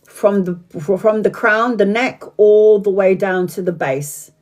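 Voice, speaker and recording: A woman's voice: mid-range voice, takes it slowly, darkish tone. A woman giving a live-streamed tarot reading, talking frankly, swearing freely, laughing often and drifting off on tangents. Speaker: tarot reader.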